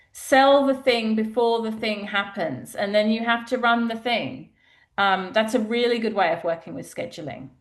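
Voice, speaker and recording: A woman business coach teaching a group session, chatty and candid, acting out little everyday dialogues. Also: mid-range voice.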